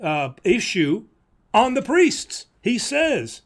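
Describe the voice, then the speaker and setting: A man, a priest, hosting a live-stream Q&A, talking in an animated, preachy way with self-mocking humor. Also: fairly high pitch, measured pace. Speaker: priest host answering viewer questions.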